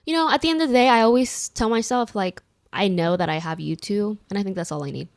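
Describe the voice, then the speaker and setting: A young woman co-hosting a podcast, telling stories in a casual, animated way with lots of fillers. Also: mid-range voice, fast, dry recording, clean studio sound. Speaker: podcast co-host. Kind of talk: casual chat.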